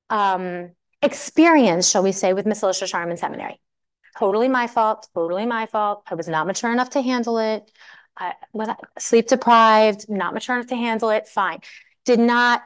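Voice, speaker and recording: A married woman teaching a Torah class to women, telling a story in a lively way and acting out the quotes. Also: a little high. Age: adult. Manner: animated storytelling, acts out quotes.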